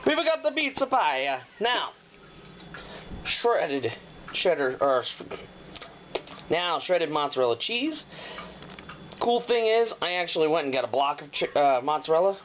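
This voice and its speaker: This home cook hosts his casual show from the kitchen, rambling and cursing freely as he explains each step. His voice sits on the high side with big swings in pitch, unhurried and full of pauses. The recording is dull and lo-fi, with noticeable noise.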